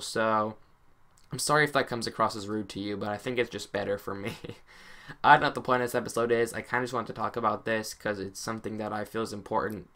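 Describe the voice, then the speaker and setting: A man's voice: on the low side, bright, forceful tone. A man talking casually over his gameplay as a YouTuber, rambling and hesitant with many restarts and self-conscious asides. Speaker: gaming YouTuber.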